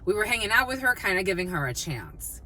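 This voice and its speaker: A woman giving a casual collective tarot reading, mixing personal stories with blunt, animated talk and plenty of swearing. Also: mid-range voice, fast. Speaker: tarot reader.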